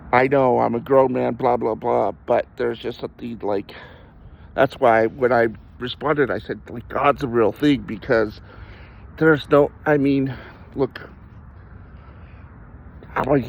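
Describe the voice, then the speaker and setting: A man at an ordinary pitch tells candid stories about himself in a loose, rambling way, laughing and restarting his sentences. The audio sounds a little muffled and lo-fi, with a faint hum of street noise behind him. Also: gravelly. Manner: rambling, self-deprecating, frequent laughs and restarts. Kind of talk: candid personal storytelling in conversation.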